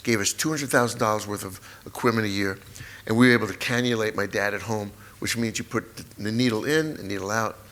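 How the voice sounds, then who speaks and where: A man's voice: on the low side, fairly even intonation, a bit bright. Emotional man in his sixties telling a story. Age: 60s. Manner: halting, repetitive, openly emotional. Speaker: guest, memoir author. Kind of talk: emotional personal storytelling on stage. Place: live talk event in a hall.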